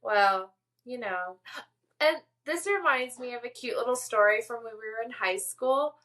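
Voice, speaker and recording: Bright-voiced deadpan woman co-host. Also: a little high, normal speed. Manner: deadpan delivery. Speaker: podcast co-host. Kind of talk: casual chat.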